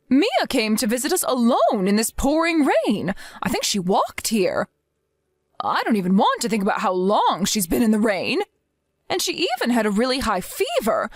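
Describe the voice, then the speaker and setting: A woman's voice: a little high, no echo. A woman voicing a stern grandmother in an acted story, demanding and scolding. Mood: worried. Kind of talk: scripted story acting.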